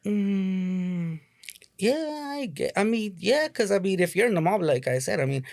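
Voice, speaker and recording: Gravelly man, halting casual talk. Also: high-pitched, lively intonation, a little mellow, no room sound, studio quality. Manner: halting, repeats words, casual slang. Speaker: podcast guest. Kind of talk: casual podcast chat.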